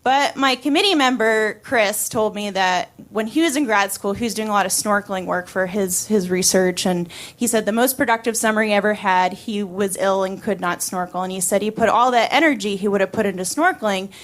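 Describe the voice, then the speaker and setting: A woman's voice: medium pitch, a little fast, hardly any pauses. Wry young woman telling a story. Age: 20s. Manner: wry, laughing, chatty with fillers. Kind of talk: live personal storytelling.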